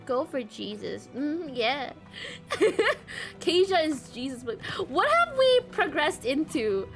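Chatty high-voiced woman streaming a game. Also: big pitch swings, slow pace. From Malaysia. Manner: chatty, reads chat aloud, swears, squeals at surprises. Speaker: VTuber streamer. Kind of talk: casual game stream chat. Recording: faint game music behind.

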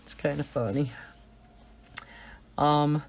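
A woman's voice: sits low, fairly even intonation, slow, darkish tone, husky. A middle-aged American woman with a slight Southern twang and a cold, chatting and giggling as she tells stories while coloring. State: has a cold. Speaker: coloring channel host. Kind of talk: casual chat while coloring.

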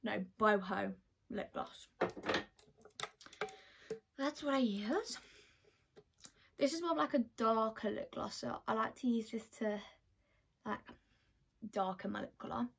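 A woman's voice: on the high side, unhurried, gravelly, pauses often, husky. A teenage girl chatting through her makeup routine as a beauty vlogger, full of "like" fillers. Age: teens. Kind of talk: get-ready-with-me makeup chat.

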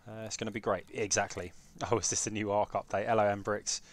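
Excitable British man streaming a game. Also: fairly low pitch, a little fast, slight background noise. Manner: excitable banter with chat, jokey. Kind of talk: live gameplay commentary.

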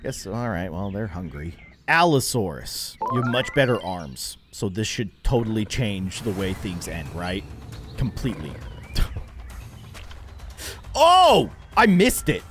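An excitable man narrates a video game as he plays, jumping between low mutters and loud, high yelps. He jokes at the screen with a lively, bouncing voice, and faint music plays behind him. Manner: excitable, jokey, yelps and laughs at the action. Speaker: gaming YouTuber. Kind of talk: game commentary.

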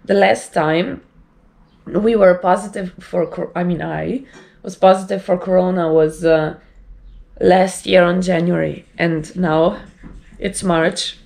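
A woman talks casually to her camera at home, rambling and chatty. Her voice is low and gravelly, rough and strained by a sore throat. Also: steady tone, slow, darkish tone. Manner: rambling, chatty, with light laughs. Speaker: vlogger.

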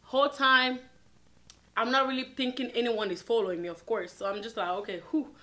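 A woman vlogger telling a personal story in casual, animated storytime style, with lots of filler words. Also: a little high, a little fast. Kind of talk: storytime vlog.

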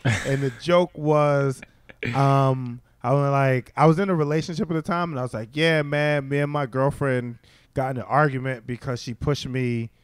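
A man's voice: mid-range voice, moderate pace, smooth, no room sound. A man, a stand-up comedian telling stories in casual chat and acting out the people he quotes. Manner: animated storyteller, acts out quoted voices. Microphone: studio mic.

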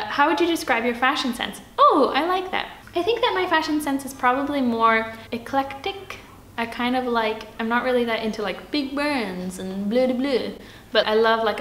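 Young woman, playful chatty vlogger, mid pitch, lots of filler words, echoey room, faint hiss. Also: a bit bright. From Switzerland. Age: young adult. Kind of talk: casual Q&A tag video.

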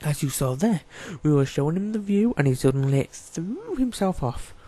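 A man's voice: a little high, sing-song, normal speed, mellow. A man giving casual, chatty let's-play commentary, joking and talking to the game's characters as he plays. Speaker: gaming YouTuber.

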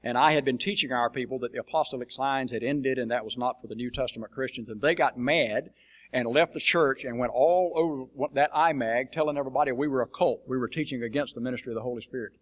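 A man's voice: mid-range voice, fast. Blunt folksy missionary preacher, man. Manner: blunt, folksy and plain-spoken, with frequent fillers. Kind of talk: folksy storytelling talk to a church congregation. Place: church sanctuary.

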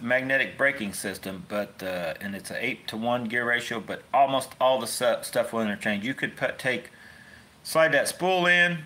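A man's voice: medium pitch, bright, forceful tone. A man hosting a fishing channel, chatting casually into his phone in a rambling, folksy way with wry asides. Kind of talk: casual rambling livestream chat.

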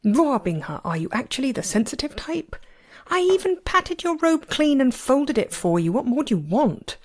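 A woman doing a sharp-tongued, indignant male master. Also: medium pitch, expressive, normal speed, lightly acted. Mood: exasperated. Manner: indignant, sarcastic.

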